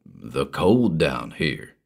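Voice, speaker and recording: A hulking, dim-witted henchman, voiced by a male reader, who mutters his replies low and uneasily. His voice sits deep and moves slowly, as in a pulp storybook. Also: sing-song, creaky, exaggerated voice. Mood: uneasy grumbling. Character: legless giant male henchman, dull and uneasy.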